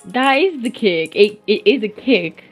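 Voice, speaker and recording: A woman's voice: mid-range voice, animated, a little slow, faint music behind. A young woman playing a game with a friend, rambling with many fillers and laughing a lot. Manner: giggly, rambling, lots of filler words. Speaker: gamer, guest co-player. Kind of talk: casual gaming chat.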